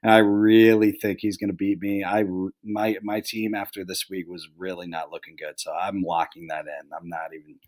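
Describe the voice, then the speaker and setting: A man's voice: sits low, level tone, moderate pace, hardly any pauses, darkish tone. A young adult man hosting a casual fantasy football recap, rambling with lots of "like" and "um" and joking about his friends. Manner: rambling, full of "like" and "um"; jokey, handing out mock penalties to friends.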